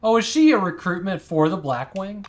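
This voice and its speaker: A man's voice: high voice, animated, normal speed. A man casually commenting while he plays a game and reads its text aloud, hesitant and wry. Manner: hesitant and wry, with many fillers. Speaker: game streamer.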